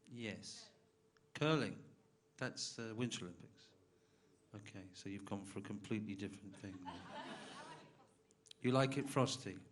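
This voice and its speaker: Dry-joking comedy club compere, a man. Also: on the low side. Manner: dry crowd banter, rising to loud introductions. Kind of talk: stand-up compering.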